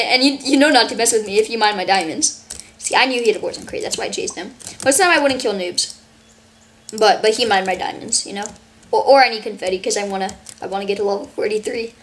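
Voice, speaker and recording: A woman giving casual, rambling gameplay commentary full of "like", her voice a bit worn from yelling. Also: on the high side, fast talker. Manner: rambling, fillers of "like", excitable. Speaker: gaming channel host.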